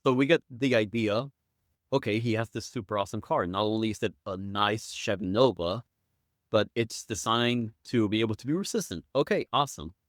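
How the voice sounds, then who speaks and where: A man's voice: on the low side, fairly quick, a bit bright, dry recording, clean studio sound. A man guesting on a podcast, chatting casually and acting out quotes with enthusiasm. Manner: enthusiastic storyteller, acts out quotes.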